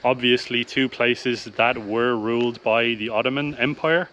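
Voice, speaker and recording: A man travel vlogger talking reflectively and haltingly, with pauses and fillers, while walking through ruins outdoors. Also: medium pitch, steady tone, fairly bright tone, lo-fi sound, a little hiss or hum. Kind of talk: casual walking vlog chat.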